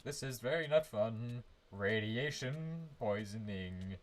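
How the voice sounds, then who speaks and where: A man's voice: mid-range voice, animated, takes it slowly. A man giving casual live commentary on his game from his own room, rambling, humming to himself and restarting his sentences often. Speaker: streamer.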